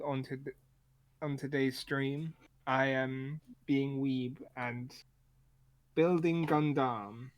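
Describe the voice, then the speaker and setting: Slow-talking joking man. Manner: slow, joking, low-key. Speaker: co-streamer building model kits. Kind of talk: casual chat.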